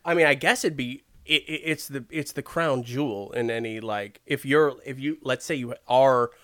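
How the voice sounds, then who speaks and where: A man's voice: medium pitch, moderate pace, fairly bright tone, no echo, clean studio sound. A man co-hosting a casual comedy podcast, trading crude jokes and playful banter. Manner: joking banter, crude asides. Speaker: podcast co-host.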